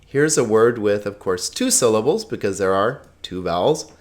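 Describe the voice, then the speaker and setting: A man teaching a lesson, speaking slowly and carefully, sounding out words syllable by syllable and checking in with the class. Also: lowish voice, lively intonation. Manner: slow, deliberate, repeats words syllable by syllable; checks in with "okay?" and "right?". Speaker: Greek teacher.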